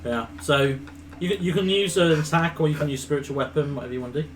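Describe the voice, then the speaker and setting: A man's voice: a little high, quick pace, rough recording. A man running a tabletop game as game master, patiently explaining the rules step by step.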